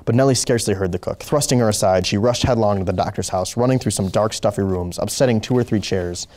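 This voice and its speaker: Low, mellow male storyteller. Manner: slow, deliberate, occasional slips. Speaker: host reading a story aloud. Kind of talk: measured story narration.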